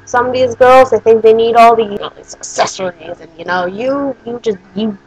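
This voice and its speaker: A woman quoting a creepy, overly flattering man in a slow, halting, fawning way. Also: on the high side, lightly acted, rough recording.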